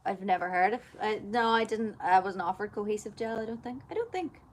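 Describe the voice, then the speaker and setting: A woman's voice: mid-range voice, lively intonation, a little fast. A young woman chatting casually on a livestream, telling stories in a chatty, giggly way. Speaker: singer and livestream host.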